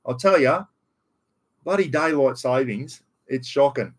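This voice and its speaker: A middle-aged Australian man hosts a casual livestream, talking bluntly and rambling at an unhurried pace in a medium-pitched voice. He's still recovering from an illness and has a slight cough.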